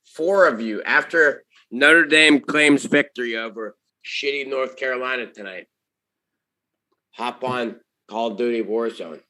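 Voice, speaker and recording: Pushy bright-voiced man egging friends on. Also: mid-range voice, measured pace. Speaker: podcast co-host. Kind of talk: casual chat.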